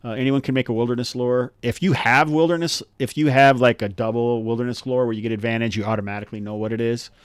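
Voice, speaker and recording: A man's voice: mid-range voice, steady tone, quick pace, hardly any pauses, clear, resonant tone, dry recording. A man narrating as game master of a tabletop game, rambling with many restarts.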